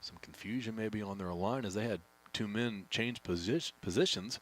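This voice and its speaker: Low-voiced man calling play-by-play. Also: normal speed. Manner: steady, speeds up on big plays. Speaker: play-by-play announcer. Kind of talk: play-by-play commentary.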